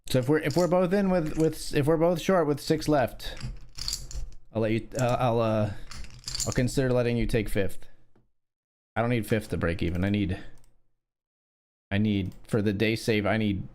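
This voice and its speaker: A man streaming his online poker session, narrating the hands as they come. He talks loosely and wryly, thinking out loud and throwing in curses. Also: medium pitch, fairly even intonation, moderate pace, long pauses, a little hiss or hum. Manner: profane, wry, thinking aloud. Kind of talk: casual live-stream commentary.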